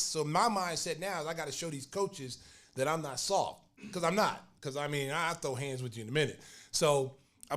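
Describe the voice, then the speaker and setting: A man hosting a podcast, telling a story with animated energy and acting out other people's lines. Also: on the high side. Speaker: podcast host.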